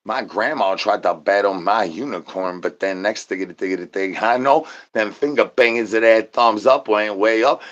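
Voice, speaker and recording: A comedy channel host rants through an absurd improvised monologue packed with rhyming nonsense slang and stuttered, repeated words, shouting out catchphrases. His lowish voice moves at a moderate pace with few pauses, and the recording sounds muffled.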